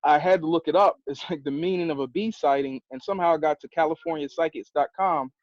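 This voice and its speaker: A man chatting excitedly and emotionally on a group video call, laughing often. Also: fairly high pitch, fast, no room sound, muffled recording. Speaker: guest on a spirituality call.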